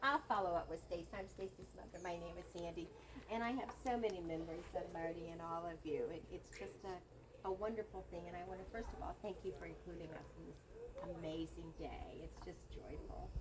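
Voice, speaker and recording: An older woman giving a gracious, heartfelt tribute at a family gathering, halting now and then with repeated words. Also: fairly low pitch, background noise. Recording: crowd heard behind.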